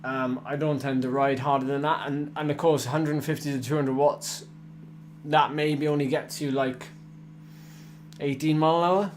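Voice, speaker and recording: A man's voice: on the high side, fairly even intonation, moderate pace, slight background noise. A man in his twenties chatting casually with viewers on a cycling live stream, rambling with fillers and restarts, tired after a hard effort. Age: 20s. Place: home indoor training room.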